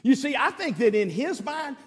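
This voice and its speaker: Animated preacher in an echoing hall. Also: male voice, very high-pitched, moderate pace, breathy edge. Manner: animated, conversational, quizzing the congregation. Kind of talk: sermon.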